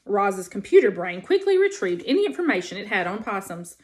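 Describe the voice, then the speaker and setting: A woman teacher reading a children's novel aloud in an expressive storytelling style. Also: mid-range voice, brisk, hardly any pauses.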